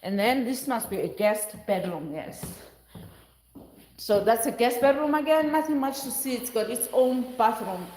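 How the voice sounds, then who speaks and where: A woman's voice: a little high, lively intonation, moderate pace, darkish tone. A middle-aged woman with a South African accent, chatting casually as she walks through a large house. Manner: chatty, exclaiming, rambling asides. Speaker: vlogger. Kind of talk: casual walkthrough vlog. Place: inside a large empty house under construction. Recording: echoey rooms. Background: workers and noise nearby.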